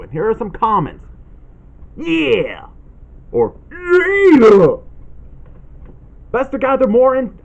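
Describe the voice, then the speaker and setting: A man ranting in an indignant, accusatory callout vlog, reading posts aloud. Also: high-pitched. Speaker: channel host making a callout video. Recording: dull lo-fi sound.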